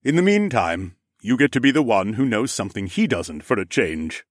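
A man's voice: lowish voice, big pitch swings, normal speed, no room sound, clean studio sound. A man doing a jovial older horned ram lord. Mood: amused. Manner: knowing, good-humoured, slightly formal.

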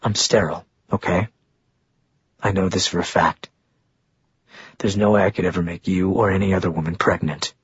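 A man voicing a gentle, protective young man, speaking calmly and firmly in a low, soft voice. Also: moderate pace, pauses often, breathy edge, no echo, muffled recording. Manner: calm, firm, low and soft.

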